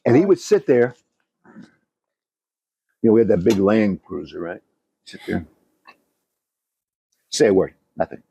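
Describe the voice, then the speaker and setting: A man, a former comedy club owner, co-hosting a casual chat and telling animated stories, swearing freely and laughing often. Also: fairly low pitch, unhurried, creaky, long pauses, a little hiss or hum.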